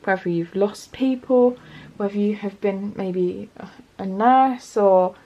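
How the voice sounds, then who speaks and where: A woman gives a relaxed pick-a-card tarot reading at a comfortable mid-range pitch. She is chatty and upbeat, encouraging the listener and speaking to them directly. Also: slow. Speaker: tarot reader.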